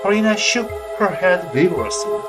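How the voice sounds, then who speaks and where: A man's voice: high-pitched, animated, normal speed. A man streaming, reading a visual novel aloud with playful joking asides. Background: background music.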